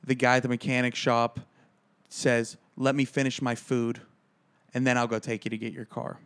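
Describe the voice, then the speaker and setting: A man's voice: medium pitch, flat delivery, normal speed, a bit bright, clear, resonant tone. A man co-hosting a casual comedy podcast, telling a rambling, self-deprecating story. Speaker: podcast co-host.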